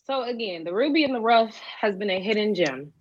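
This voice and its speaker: A young woman in her twenties, an interview guest telling her story in an animated way and acting out the voices of others. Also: mid-range voice, brisk, a little hiss or hum. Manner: animated, acts out quoted voices. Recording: dull lo-fi recording.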